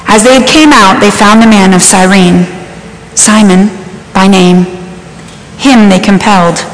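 A woman reading a passage of scripture aloud in a measured, solemn voice, as part of a church program. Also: mid-range voice. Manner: measured and solemn, lifting her voice for shouted quotes. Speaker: scripture reader. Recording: echoey hall, faint ambience.

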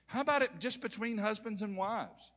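A bright, ringing-voiced older man preaches in a church sanctuary, his voice trailing a long hall reverb. He sits a touch high for a man and calls out to his congregation between lines. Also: moderate pace. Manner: preaching with calls to the congregation and rising, shouted peaks. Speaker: pastor. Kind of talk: sermon.

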